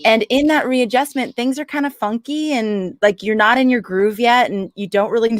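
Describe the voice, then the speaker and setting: A woman's voice: a little high, normal speed, no room sound. A woman hosting a podcast, reflecting on her guest's story in an encouraging, casual way. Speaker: podcast host. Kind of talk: casual interview chat.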